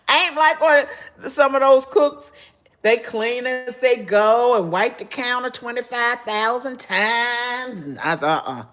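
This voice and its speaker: A woman's voice: on the high side, expressive, a little slow, a bit bright. An older woman hosting a casual cooking livestream, chatty and homey, talking straight to her viewers through a phone. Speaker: cooking channel host.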